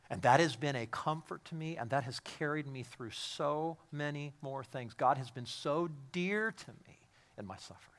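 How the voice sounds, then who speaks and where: A man preaching a sermon as a pastor, swinging from hushed, quiet lines to loud, emphatic ones and repeating phrases for emphasis. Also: mid-range voice, expressive, moderate pace.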